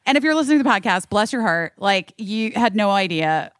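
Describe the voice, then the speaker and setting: Lively, expressive woman podcast host. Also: sits high, a little fast, no room sound, studio quality. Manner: animated storytelling, acts out quotes, swears freely. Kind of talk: casual chat.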